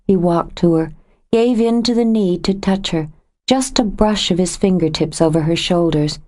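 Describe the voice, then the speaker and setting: An audiobook narrator with a lowish voice reads a novel aloud. Her scripted storytelling is measured and even.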